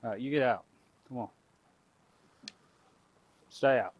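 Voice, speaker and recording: A man's voice: mid-range voice, slow, muffled recording. A middle-aged man, chatting casually to his viewers and animals outdoors on a farm. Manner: folksy, talks to animals and viewers. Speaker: homestead vlogger.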